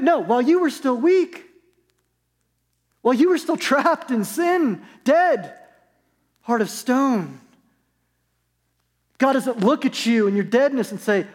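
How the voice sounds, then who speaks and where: A man's voice: extremely high pitch, animated, takes it slowly, pauses often. A male pastor delivering an earnest, conversational sermon full of rhetorical questions, recorded in a church sanctuary. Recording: long reverb of a large hall.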